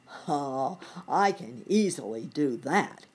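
A woman's voice: low voice, lively intonation, slow pace, darkish tone, slightly rough, full character voice. A woman voicing a big, strong, polite male circus elephant in a children's storybook. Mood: confident.

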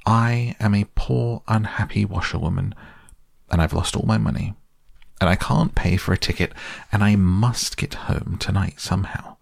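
A man's voice: moderate pace, vocal fry, dry recording, clean studio sound. A man voicing a boastful male toad disguised as a washerwoman, tearful and pleading in a raised, wavering voice. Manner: tearful, pleading, high-pitched falsetto-ish. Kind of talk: audiobook character voice.

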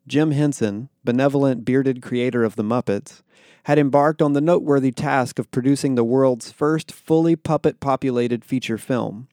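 A man narrating a story in a dry, wry manner, slipping into quick character voices for dialogue. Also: mid-range voice, a little mellow, no room sound. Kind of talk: audiobook-style fiction narration.

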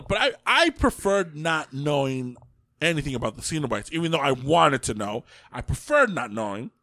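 A man co-hosting a casual podcast chat, profane and animated, often laughing. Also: mid-range voice, no echo, clean studio sound. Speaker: podcast co-host.

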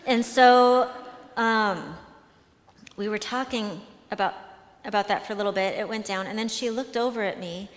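Chatty woman speaker in a reverberant hall. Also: medium pitch. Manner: chatty, frequent fillers and restarts. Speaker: conference speaker. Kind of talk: conversational talk with storytelling.

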